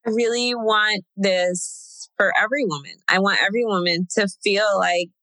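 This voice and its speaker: A woman's voice: mid-range voice, moderate pace, sharp tone, no echo, rough recording. A young woman chatting casually as a guest, telling a personal story with lots of fillers and laughs. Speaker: guest sharing a birth story.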